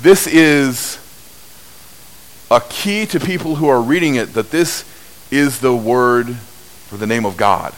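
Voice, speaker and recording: A man preaching a sermon in an unhurried, measured way, his voice at a middle pitch. He tells stories animatedly, rising high and loud and then dropping low and soft. A faint hiss sits under the recording. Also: low-quality recording. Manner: unhurried, animated storytelling with wide swings in pitch and loudness. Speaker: pastor.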